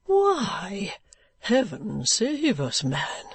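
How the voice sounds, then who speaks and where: A reader voicing a kindly, excitable older gentleman who speaks slowly and earnestly. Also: mid-range voice, husky, no room sound, heavily acted. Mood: urging.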